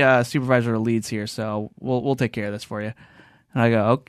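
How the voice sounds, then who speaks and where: The audio is clean studio sound with no echo, capturing a medium-pitched man talking quickly. He's a podcast host in a podcast studio, animatedly spinning stories in a casual chat and acting out what the people in them said.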